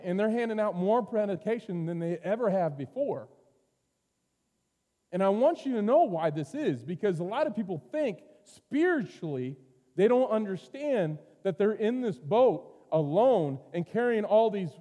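A man preaching a sermon as pastor, earnest, moving from loud urging to quiet, intimate passages. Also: high-pitched. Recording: long reverb of a hall.

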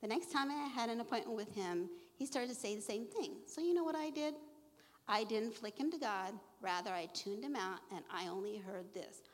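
A woman's voice: on the high side, moderate pace. A middle-aged woman sharing her faith testimony, earnest and emotional, quoting scripture to a live audience. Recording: long echo of a large hall.

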